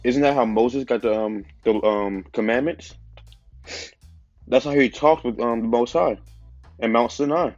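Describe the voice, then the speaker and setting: A man's voice: medium pitch, measured pace, long pauses, darkish tone, no room sound, lo-fi sound, soft background music. A man with a stuffy nose giving an informal religious teaching, talking casually with lots of fillers. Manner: casual, conversational preaching with many fillers. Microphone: phone.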